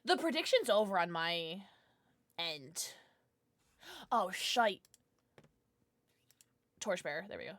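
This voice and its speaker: A woman's voice: fairly low pitch, slow pace, pauses often, no echo. A young woman streaming a game from home, chatting casually with viewers in a bubbly, playful, slightly tipsy way, greeting new followers with little gasps. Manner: bubbly and animated, gasping and squealing at follows. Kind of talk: casual livestream chat with viewers.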